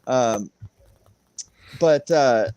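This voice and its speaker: A man's voice: medium pitch, drawn-out words, darkish tone, clean tone, no room sound. A man chatting casually on a livestream, rambling through a story with frequent laughs and acted-out quotes. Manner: rambling, laughs often, acts out quoted voices. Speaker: guest on a crypto livestream.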